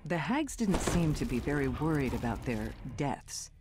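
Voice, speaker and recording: A woman's voice: low voice, very animated, normal speed, noisy background. A woman giving scripted, storybook-like narration for a video game. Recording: game audio with loud music.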